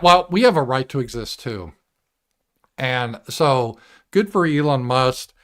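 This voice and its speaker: On his live political commentary show, a man speaks in a casual, animated way, cursing and doing shrill impressions of voices. His intonation is lively and his pace measured.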